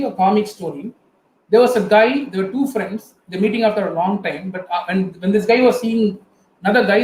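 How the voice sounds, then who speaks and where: High-voiced Indian man, echoey room. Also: a little hiss or hum. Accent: Indian English. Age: middle-aged. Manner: earnest storytelling, addresses the audience directly. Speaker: guest speaker. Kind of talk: motivational talk. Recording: echoey room with faint ambience.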